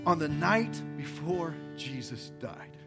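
A man, a pastor, preaching a conversational, energetic sermon in a church, repeating his phrases for effect. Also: a little high, slow pace, vocal fry. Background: soft guitar music.

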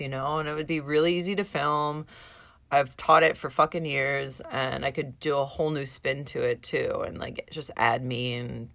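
A woman's voice: sits low, normal speed, gravelly, dry recording. A woman hosting her own podcast in a casual, profane, emotional monologue. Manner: profane, emotional, tearful and laughing at moments; lively, animated with put-on voices in quotes. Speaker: podcast host.

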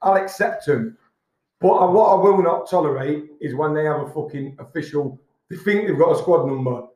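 A man's voice: fairly high pitch, brisk, darkish tone. A middle-aged man, hosting a casual podcast and ranting bluntly with plenty of swearing. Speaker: podcast host. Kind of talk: casual pub-style chat. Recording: echoey room.

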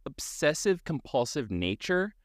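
A man's voice: a little high, very animated, measured pace, dry recording, clean studio sound. A man co-hosting a podcast, talking in a casual, profane, jokey way. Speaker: podcast co-host. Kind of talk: casual chat.

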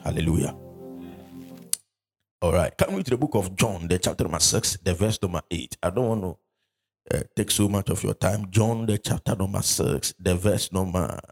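A man preaching a sermon in a church hall, urging the congregation along and rising loud when he reads scripture. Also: low-pitched, vocal fry.

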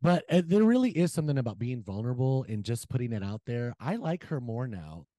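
A man hosting a casual gossip podcast, animated and giggly, swearing freely. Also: mid-range voice, brisk, no room sound, clean studio sound. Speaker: podcast host.

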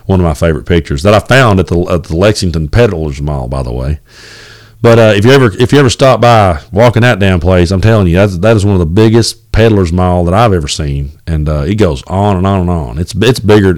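A man's voice: low-pitched, darkish tone, dry recording. A man in his forties with an East Tennessee accent, hosting a solo podcast from his kitchen table at home. He rambles in a folksy way, with many fillers and some cussing. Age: 40s. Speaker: podcast host. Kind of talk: casual solo podcast monologue. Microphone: home recording setup.

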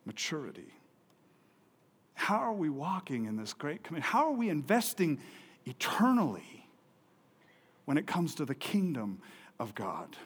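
A man preaching a sermon with passion, swinging from loud, emphatic peaks to low, quiet stretches. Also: huge pitch swings, measured pace, long pauses, husky. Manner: impassioned preaching, rising loud for emphasis and dropping low and soft. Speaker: pastor. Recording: long hall reverb.

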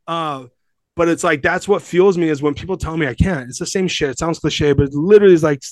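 A man's voice: on the high side, fast, no room sound. A man in his forties from Southern California, a gym owner telling his story as a podcast guest in a profane, emphatic, rambling way. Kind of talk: casual storytelling.

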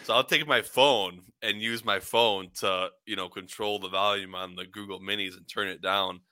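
A man in his forties with a lowish but very sharp, bright voice, grumbling wryly in a casual podcast chat. He restarts his sentences often. The recording is dry and close. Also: fairly even intonation, normal speed, no room sound. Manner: dry, wry complaining with many restarts. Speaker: podcast co-host.

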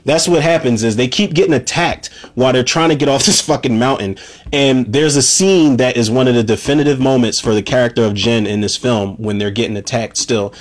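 A man's voice: mid-range voice, fairly quick. A man casually recapping a movie scene by scene, rambling and swearing freely, with lots of "you know" and "man". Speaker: movie reviewer.

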